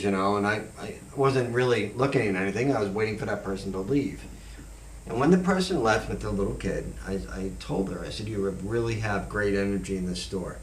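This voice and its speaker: A man, a psychic hosting a talk show, telling stories casually and acting out the voices in them. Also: lowish voice. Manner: animated, acts out the voices in his stories. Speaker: host and psychic medium. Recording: echoey room, far from the mic, faint noise.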